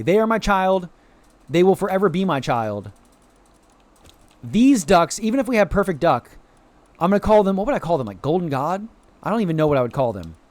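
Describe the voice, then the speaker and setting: A man's voice: high-pitched, darkish tone, no room sound. A man from the United States chatting casually to viewers while streaming a game, greeting chat and dropping playful quacks. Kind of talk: casual live-stream chat over gameplay.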